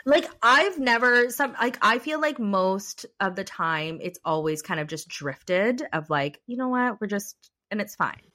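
A young adult woman co-hosting a podcast, telling a personal story in a chatty, animated way with lots of fillers. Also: mid-range voice, measured pace, hardly any pauses. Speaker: podcast co-host. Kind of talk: casual chat.

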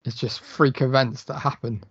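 A man's voice: medium pitch, fairly even intonation, moderate pace, a bit bright, breathy edge, no echo, muffled recording. A man chatting eagerly and swearing on a film podcast. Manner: enthusiastic, sweary. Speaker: podcast co-host. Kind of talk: casual film podcast chat.

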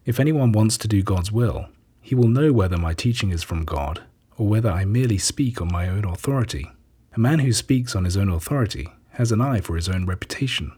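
A man voicing a calm male teacher who speaks with measured, earnest authority in a scripture reading. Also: fairly low pitch, husky.

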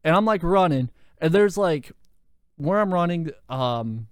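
A young man hosting a podcast, telling a story in a lively, profane way with lots of fillers, into a handheld mic. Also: a little high, measured pace, clean tone, dry recording, studio quality. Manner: animated, profane, full of fillers. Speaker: podcast host. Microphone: handheld microphone.

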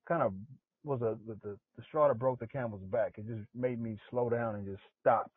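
A man from South Central Los Angeles, a podcast guest telling his personal story in an earnest, halting way. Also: mid-range voice, husky, no echo. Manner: earnest, repeats himself, halting. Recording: tinny phone-like line.

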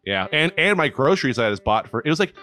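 A man's voice: on the high side, big pitch swings, fast, sharp tone, soft background music. A man telling a story in casual chat, rambling with lots of fillers and swearing.

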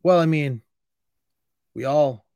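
A man's voice: on the high side, slow pace, a little mellow, dry recording, highs cut off. A man hosting an interview, asking questions in an informal way and thinking aloud with frequent restarts. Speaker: interview host. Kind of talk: casual conversational interview.

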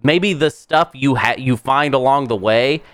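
A man's voice: medium pitch, measured pace, fairly bright tone, no room sound. A man with a Southern accent, co-hosting a podcast in casual chat, rambling and joking with many fillers. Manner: rambling, jokey, lots of fillers. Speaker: podcast co-host.

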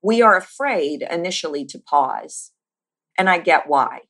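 A woman teaching about speaking as a voice coach. She talks emphatically, stacks lists with rising force and slows down with deliberate pauses on her key points. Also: lowish voice, animated, fairly bright tone. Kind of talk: teaching monologue.

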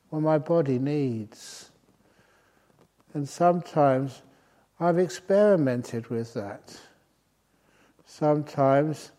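An older man giving a relaxed dharma talk as a meditation teacher, telling gentle, humorous stories with soft chuckles. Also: on the high side. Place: retreat centre meditation hall.

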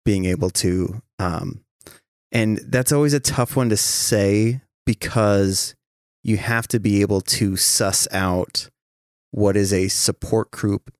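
Profane, animated man chatting. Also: fairly low pitch, slow, no room sound, clean studio sound. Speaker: podcast host. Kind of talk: casual chat.

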